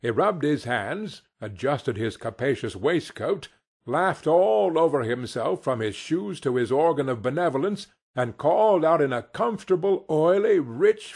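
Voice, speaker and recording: A man narrating an audiobook with expressive storytelling. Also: a little high, breathy edge. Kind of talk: scripted narration.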